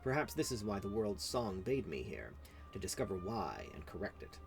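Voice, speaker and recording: A calm elf, as a man reads her lines speaks low and measured. The delivery is composed, with only faint game music behind. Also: gravelly.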